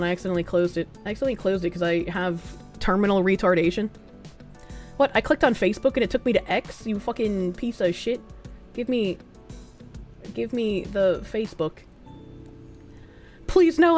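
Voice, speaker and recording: A woman's voice: mid-range voice, moderate pace, long pauses, darkish tone, soft background music. A young woman with a Boston accent, streaming and reacting to videos with crude, sarcastic, rambling commentary.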